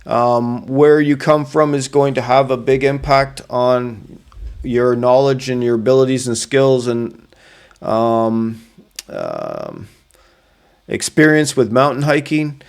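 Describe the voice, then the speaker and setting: Canadian male vlogger, unhurried and hesitant, clear smooth tone, patient explainer. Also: mid-range voice, expressive. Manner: slow, careful pronunciation of place names; hesitant, many fillers. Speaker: solo hiker sharing advice. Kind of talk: casual explainer vlog.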